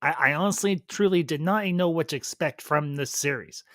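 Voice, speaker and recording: A man's voice: on the high side, moderate pace, fairly bright tone, no room sound, clean studio sound. A man hosting a casual review stream, chatting with enthusiasm and restarting his phrases often. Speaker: YouTube reviewer.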